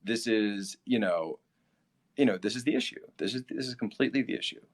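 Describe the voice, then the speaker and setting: A man's voice: fairly low pitch, a little fast. A man from Philadelphia hosting a casual livestream, answering his chat, laughing often and repeating himself. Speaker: livestream host.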